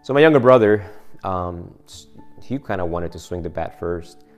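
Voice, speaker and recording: A man's voice: low voice, animated, normal speed, soft background music. A man preaching a sermon in a loose, conversational way, often restarting his phrases and chuckling at his own story.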